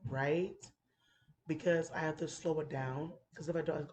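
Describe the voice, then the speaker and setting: A woman hosting a casual chat, playful and giggly, who sometimes drops into soft whispers. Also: deep voice, normal speed, a little hiss or hum. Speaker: podcast host.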